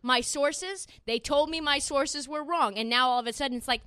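A woman's voice: high-pitched, lively intonation, moderate pace, bright, forceful tone, no room sound, studio quality. A woman hosting a casual sports podcast, brash and playful, boasting and laughing often. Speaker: podcast host.

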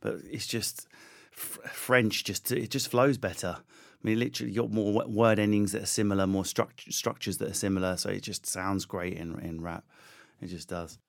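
A man's voice: lowish voice, steady tone, moderate pace, vocal fry. A man with an Essex accent, a comedian guest riffing animatedly in casual chat.

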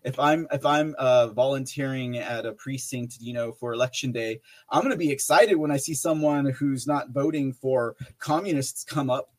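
A man's voice: mid-range voice, moderate pace, hardly any pauses. A man hosting a live podcast stream, chatting loosely with viewers, reading their messages aloud, with lots of fillers and restarts. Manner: rambling with many fillers and restarts, laughs often, reads chat messages aloud. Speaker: livestream podcast host. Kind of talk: casual live-chat talk.

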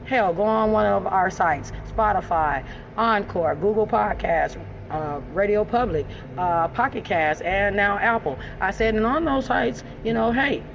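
A woman hosting a casual podcast chat, loud and teasing with profane banter. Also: mid-range voice, expressive, a little slow, vocal fry, muffled recording, noisy background. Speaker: podcast host.

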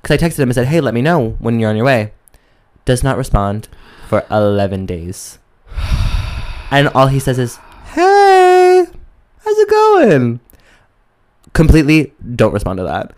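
A young man co-hosting a podcast, telling a story in a sassy, animated way and acting out quotes. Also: medium pitch, moderate pace. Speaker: podcast co-host. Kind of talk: casual chat, storytelling.

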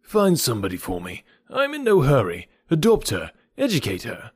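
A man voicing a charming young gentleman who talks in a lively, teasing way. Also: medium pitch, moderate pace, husky, no room sound, studio quality.

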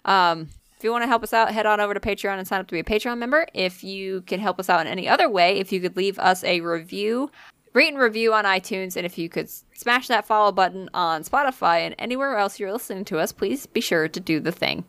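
A woman talks animatedly on a casual podcast, piling up fillers and curse words as she retells a story. Her voice sits at an ordinary pitch and sounds dry and close, with no room echo. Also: quick pace, a bit bright, clear, resonant tone. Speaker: podcast co-host.

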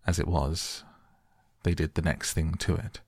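A man reading a storybook aloud softly at bedtime, gentle and unhurried. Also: low voice, flat delivery, gravelly, husky, dry recording, clean studio sound. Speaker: audiobook narrator.

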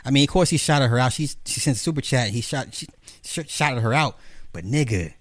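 A man delivering a profane, animated commentary rant, mocking the people he talks about. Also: brisk, no room sound. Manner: profane, animated, mocking, jumps into high mimicking voices. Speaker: commentary host. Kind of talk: ranting commentary monologue.

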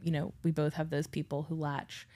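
Low-voiced young woman telling stories. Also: normal speed. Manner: animated storyteller, acts out quoted voices, swears freely. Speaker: podcast co-host. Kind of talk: casual chat.

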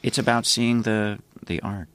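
A male guest in a casual chat, speaking in a reflective, halting way. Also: lowish voice, steady tone, a bit bright, dry recording. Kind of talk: casual conversation.

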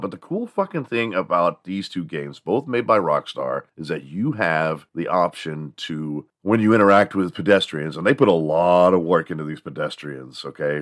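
Deep-voiced man ranting, foul-mouthed. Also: no room sound, studio quality. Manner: profane, rambling storyteller; acts out quoted voices in bursts. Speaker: podcast host. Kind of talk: casual comedic rant.

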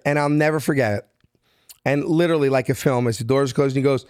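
Animated man telling stories. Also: fairly high pitch, a little fast, dry recording, clean studio sound. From South Philadelphia. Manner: lively, acts out every voice in his story. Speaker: guest. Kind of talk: animated storytelling in a podcast interview.

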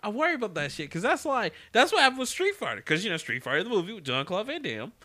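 A man co-hosting a podcast in casual chat, animated and quick to laugh as he rants about bad movies. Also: high voice, dry recording. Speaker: podcast co-host.

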